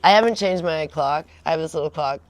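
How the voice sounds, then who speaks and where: A woman's voice: deep voice, a little fast. A woman hosting a home livestream, chatting in a rambling, casual way, laughing often and acting out the voices of people she quotes. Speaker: livestream host.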